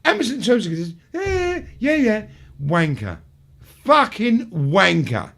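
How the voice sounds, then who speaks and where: A man hosting a live-streamed talk show, ranting and swearing nonstop and slipping into high mocking voices when he quotes people. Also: very animated, a little slow, vocal fry, fairly bright tone. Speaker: show host.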